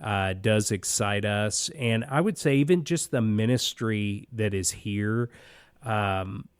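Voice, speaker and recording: A man's voice: lowish voice, takes it slowly, smooth, dry recording, studio quality. A pastor in his fifties chatting casually in an interview, joking and playful about sports. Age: 50s.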